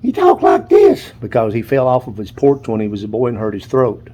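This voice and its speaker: A man putting on the gravelly, strained voice of an older male film cowboy actor. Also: mid-range voice, huge pitch swings, a little fast, warm tone, lo-fi sound. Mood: hoarse bellow. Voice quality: raspy. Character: raspy, shouting old male film cowboy.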